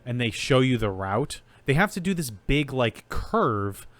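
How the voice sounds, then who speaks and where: A man's voice: medium pitch, very animated, a little slow, no room sound. A man co-hosting a podcast in casual chat, rambling through guesses and making dry jokes. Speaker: podcast co-host.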